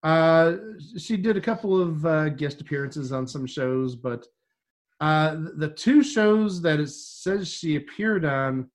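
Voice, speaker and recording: A man's voice: a little high, expressive, a little slow. A man co-hosting a casual podcast chat, making wry joking asides. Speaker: podcast co-host. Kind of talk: casual chat about old TV.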